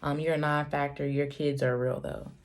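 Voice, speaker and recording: A woman's voice: sits low, little pitch movement, normal speed. A woman in her thirties telling a storytime vlog, talking in a heated, profane, emphatic way. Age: 30s. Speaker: vlogger, single mother.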